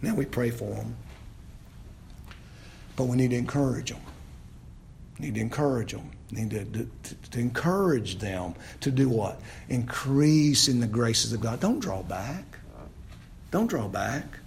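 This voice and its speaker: Gravelly preacher man building to loud peaks. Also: medium pitch, lively intonation, a little slow, pauses often, a little hiss or hum. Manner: call-and-response preaching, repeats phrases, rises to loud emphatic peaks. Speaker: pastor. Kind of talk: expository sermon.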